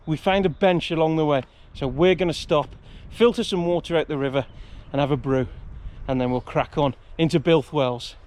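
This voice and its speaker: A man's voice: on the high side, moderate pace, few pauses, a little mellow, a little hiss or hum. A British man narrating a hiking vlog outdoors on a countryside trail, chatty and jokey. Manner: chatty, jokey, self-mocking. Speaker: hiking vlogger.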